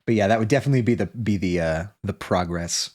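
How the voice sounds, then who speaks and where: A man's voice: lowish voice, quick pace, a little mellow. Rambling male streamer. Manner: rambling, self-interrupting, many restarts and fillers. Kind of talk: casual livestream chat.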